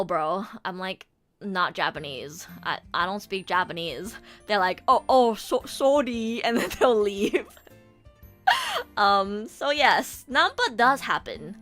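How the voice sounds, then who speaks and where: A young woman hosting a podcast in a casual, chatty way, with frequent laughs and lots of "like" fillers. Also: a little high. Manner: chatty and animated, laughs often, many "like" fillers. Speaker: podcast host. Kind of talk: casual chat.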